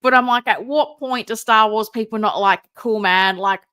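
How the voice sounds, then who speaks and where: A woman's voice: fairly high pitch, normal speed, fairly bright tone, smooth. An Australian woman hosting a casual livestream, tired and rambling, with a wry, mumbly way of talking. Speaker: host of a figure collecting livestream.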